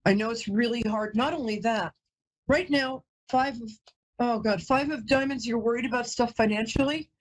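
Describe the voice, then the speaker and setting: Heard on a rough recording, a woman with a slightly high voice speaks at a moderate pace as host of a live psychic call-in. She chats emotionally and often halts mid-sentence to offer an apology.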